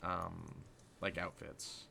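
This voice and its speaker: A man hosting a livestream, chatting casually and excitably over a game, with slangy talk that gets loud when he is hyped. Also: sits low, slow, creaky, a little hiss or hum. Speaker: livestream host. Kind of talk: casual gameplay chat.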